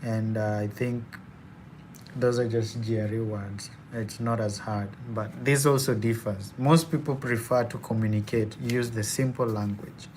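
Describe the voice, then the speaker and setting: A man's voice: lowish voice, fairly even intonation, measured pace, darkish tone, slight background noise. A young man from Kenya with a Kenyan accent, chatting casually and laughing often as he hosts a live Q&A. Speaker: student and live-stream host.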